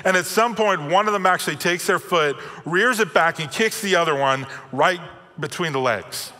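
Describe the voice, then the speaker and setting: Bright-voiced pastor in an echoing hall. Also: male voice, high-pitched, moderate pace. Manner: conversational, self-deprecating storytelling. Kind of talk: sermon with personal stories.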